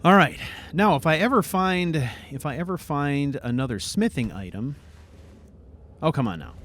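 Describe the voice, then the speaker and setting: A man hosting a let's play, chatting casually over his gameplay, swearing freely and breaking into sudden excited outbursts. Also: mid-range voice, slight background noise.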